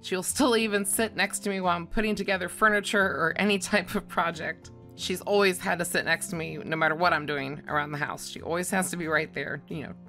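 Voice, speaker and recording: Woman, lowish bright voice, fond scripted tribute, chuckles often, faint guitar music. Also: steady tone, brisk, hardly any pauses. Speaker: dog channel vlogger.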